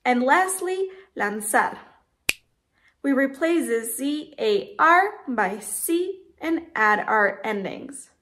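Woman, Spanish teacher; slow, measured delivery, slightly high voice. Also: expressive, a bit bright. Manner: slow, careful, spells out letters and conjugations. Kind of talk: scripted lesson narration.

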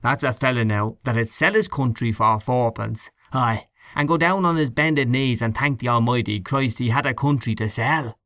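A man's voice: mid-range voice, moderate pace, few pauses, a bit bright, no echo, studio quality, natural voice. Man voicing a scornful gossipy canvasser. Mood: conspiratorial. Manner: scornful, snuffling, conspiratorial. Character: grumbling gossipy middle-aged male canvasser.

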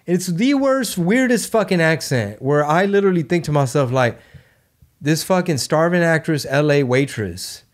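A man, a comedian on a podcast who rants in an animated way and swears freely. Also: on the high side, normal speed. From Texas. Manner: animated ranting, heavy profanity. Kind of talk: casual podcast chat.

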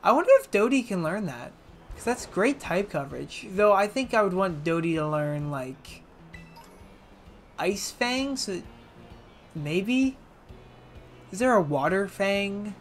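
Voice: mid-range voice, animated, a little slow, long pauses, soft background music. A let's play commentator giving casual gameplay commentary, rambling and self-mocking with jokey asides.

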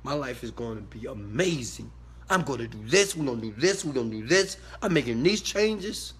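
A man giving a motivational talk to his viewers, emphatic and preachy, swinging from quiet asides to loud shouted bursts. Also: medium pitch, expressive, brisk, breathy edge. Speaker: motivational speaker.

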